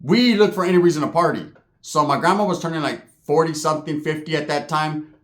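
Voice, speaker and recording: A man from Southern California performs stand-up, spinning a long, profane, meandering story and often adding "right?" to his lines. He speaks a little fast in a fairly high voice, and the space is reverberant.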